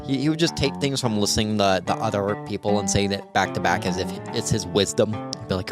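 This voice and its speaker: A man's voice: on the low side, fairly quick, over music. A man hosting his own comedy podcast, delivering a rambling, sarcastic solo monologue of jokes with frequent restarts.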